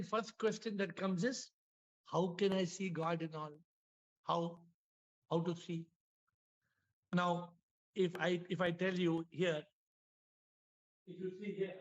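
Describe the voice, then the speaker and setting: A man's voice: sits high, steady tone, unhurried, long pauses, lo-fi sound. A man with an Indian English accent giving a spiritual talk. He tells stories, repeats his points and asks his listeners questions. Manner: storytelling, repetitive, asks the audience questions. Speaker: spiritual teacher. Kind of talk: spiritual talk to an online audience. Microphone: video call.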